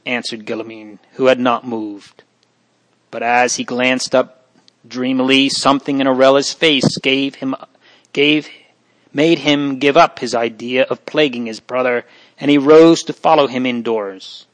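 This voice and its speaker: A man narrating a storybook in an audiobook reading, with a measured, even delivery. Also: medium pitch, low-quality recording.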